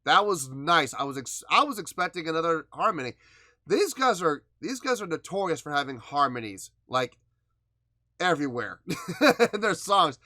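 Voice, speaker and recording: A man's voice: a little high, big pitch swings, normal speed, pushed and bright, no room sound, studio quality. A man hosting a music reaction show, talking casually and emphatically as he breaks down what he just heard, at times playfully defiant. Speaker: music reaction channel host.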